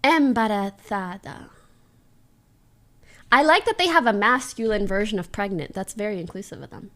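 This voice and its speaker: A woman's voice: mid-range voice, very animated, fast talker, a bit bright. A young woman livestreamer chatting casually and playfully, laughing often as she sounds out words. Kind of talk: casual stream chat.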